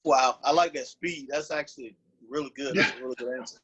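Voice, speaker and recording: A man's voice: mid-range voice, fairly even intonation, fairly quick, a bit bright, breathy edge, muffled recording. A man hosting an interview, asking questions casually and encouragingly. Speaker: podcast host.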